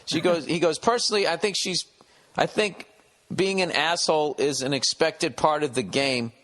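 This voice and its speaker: A man's voice: on the high side, moderate pace, fairly bright tone. Wry, swearing man hosting a podcast. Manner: wry, sardonic and profane. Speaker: podcast host reading a listener email. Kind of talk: casual podcast chat.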